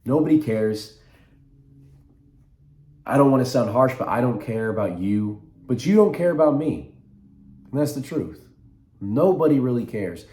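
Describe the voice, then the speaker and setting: Young man, casual vlog to camera, halting and reflective, mid-pitched voice, echoey room. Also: lively intonation, darkish tone. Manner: reflective, halting, restarts sentences. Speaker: vlogger.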